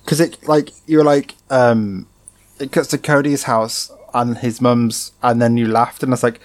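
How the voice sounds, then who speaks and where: A man, a podcast co-host chatting casually with dry, deadpan jokes over a home microphone on a voice call. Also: mid-range voice, moderate pace, no echo. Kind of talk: casual chat, outtakes.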